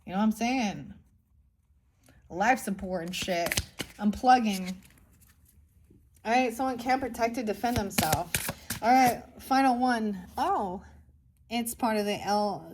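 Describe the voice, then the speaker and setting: A woman's voice: a little high, takes it slowly, pauses often, noisy background. Blunt, swearing woman tarot reader. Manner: blunt and mocking, with frequent swearing. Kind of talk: casual tarot reading to viewers.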